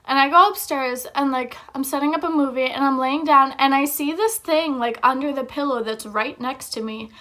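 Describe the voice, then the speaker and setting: A woman's voice: sits high, moderate pace, few pauses, sharp tone. A young woman vlogger telling a story in a chatty, casual way, with lots of filler words.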